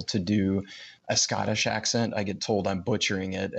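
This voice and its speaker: Gravelly, husky Midwestern man chatting. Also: on the low side, fairly bright tone. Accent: Midwestern American. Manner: chatty, laughs often, thinks aloud. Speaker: podcast co-host. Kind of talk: casual conversation.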